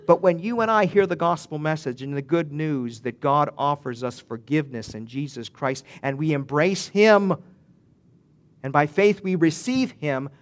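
A man preaching a sermon with a voice pitched a little higher than most men. He speaks earnestly, restarts his phrases often, and builds into emphatic swells as a pastor to his congregation.

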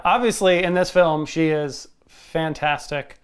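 A podcast co-host chats about a film, hesitating and second-guessing at times. The co-host also makes playful, insistent claims. The voice sits in a mid-range pitch. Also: measured pace, clear, resonant tone. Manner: hesitant, self-questioning, then playfully insistent. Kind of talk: casual movie-discussion chat.

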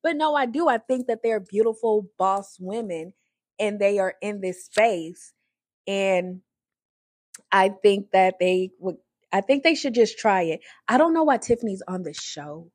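A woman's voice: mid-range voice, expressive, measured pace, darkish tone, no room sound, studio quality. A woman giving a chatty, opinionated casual recap of a reality show, often acting out the people she talks about. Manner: chatty and opinionated, with frequent "like" and restarts; acts out the people she discusses in raised voices. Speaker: reality TV commentator.

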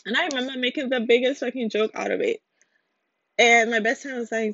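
A woman from the Caribbean runs her own podcast, talking casually on her own with jokes, tangents and apologetic asides. Her fairly bright, slightly high voice moves fairly quickly. The dull lo-fi home audio is dry.

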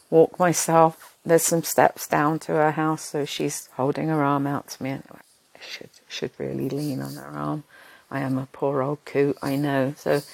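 An older woman with a low, gravelly voice tells a chatty, rambling story and pokes fun at herself along the way. The recording is close and dry, with no room sound around her. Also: no echo. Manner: chatty, rambling, self-deprecating. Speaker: vlogger. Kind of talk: casual storytelling.

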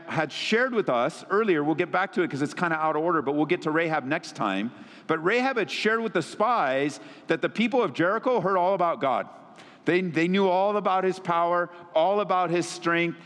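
A man preaching a sermon as pastor, animated and swinging his pitch widely. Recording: long reverb of a big hall.

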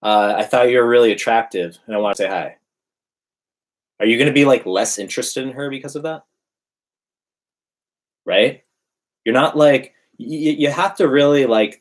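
A man's voice: mid-range voice, slightly rough. A man in casual conversation, emphatically preaching his dating advice. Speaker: dating coach. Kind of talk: casual podcast chat.

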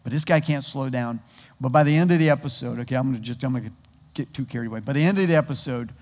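A male pastor giving a sermon, telling stories in a conversational, animated way with frequent restarts. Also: medium pitch, racing, in a large hall.

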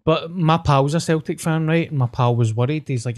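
A man's voice: on the high side, brisk, hardly any pauses, a little mellow. A young Scottish man in casual conversation, telling stories in a chatty way and swearing now and then. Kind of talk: casual chat.

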